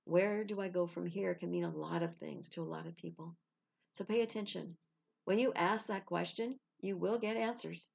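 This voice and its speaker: A woman's voice: on the low side, steady tone, normal speed, creaky, darkish tone. A woman, a spiritual guide, talking casually to camera with chatty advice and little acted-out exchanges. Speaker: intuitive spiritual guide, video host.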